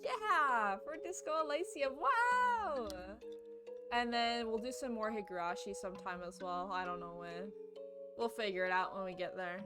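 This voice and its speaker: A woman's voice: medium pitch, normal speed, over music. A playful, giggly young woman streaming, reading a visual novel aloud and chatting with viewers.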